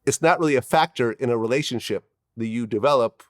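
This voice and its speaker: A male interviewer with an ordinary mid-range voice. He chooses his words with care, hedges and apologizes, and fills his pauses with "you know" as he works toward a point. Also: mid-range voice. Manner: hedging, apologetic, searching for words. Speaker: interview host. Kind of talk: interview conversation.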